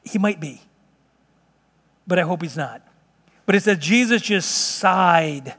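A man preaching a sermon in an emphatic, conversational way, at times dropping to slow, hushed tones. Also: high-pitched, lively intonation. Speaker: pastor. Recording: long reverb of a large hall.

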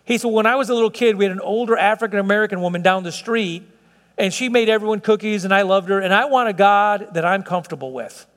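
A man preaching a sermon as pastor, slowing down and stretching words for emphasis as his intensity rises. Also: high voice, fairly bright tone, in a large hall.

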